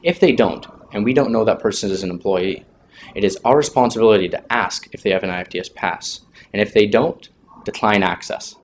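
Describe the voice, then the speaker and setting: A man with a fairly low voice narrates in a wry, mock-serious tone, setting up comic scenes. It is a scripted voice-over delivery, with a faint noise floor underneath. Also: fairly quick.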